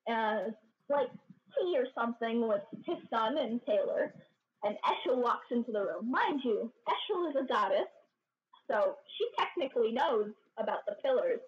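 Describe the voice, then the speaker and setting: A woman streamer telling a story in a casual, giggly, rambling way over voice chat. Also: on the high side. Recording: dull lo-fi voice chat.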